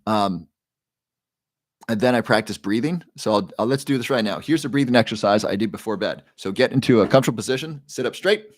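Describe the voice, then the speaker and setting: Low-voiced man answering a live chat. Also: fairly quick, no room sound, clean studio sound. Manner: relaxed, guides breathing, reads chat names aloud. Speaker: livestream host. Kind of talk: casual livestream talk, answering chat.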